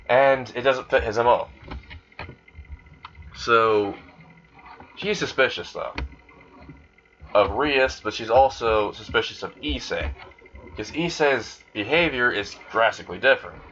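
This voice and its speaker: A man's voice: medium pitch, fairly bright tone, slight background noise. A man casually improvising a fan story, rambling and crude with lots of fillers and swearing, on a dull lo-fi recording.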